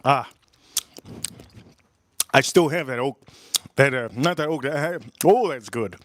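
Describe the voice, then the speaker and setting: A man's voice: mid-range voice, a little slow, fairly bright tone, a little hiss or hum. A man reviewing whiskey in casual live-stream chat, enthusiastic and repeating his phrases.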